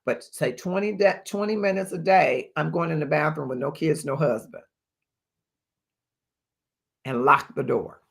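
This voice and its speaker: A man's voice: fairly high pitch, a little slow, creaky, pauses often, fairly bright tone. A man hosting a live advice stream, emphatic, repeating his key points and thanking viewers by name. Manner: reads viewer comments and thanks them aloud. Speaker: livestream host.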